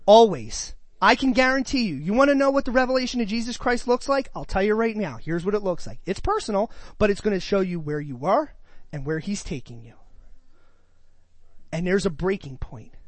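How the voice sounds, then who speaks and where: A man's voice: sits high, big pitch swings, moderate pace, dry recording. A man preaching a sermon, reading scripture and asking his congregation questions with emphatic delivery.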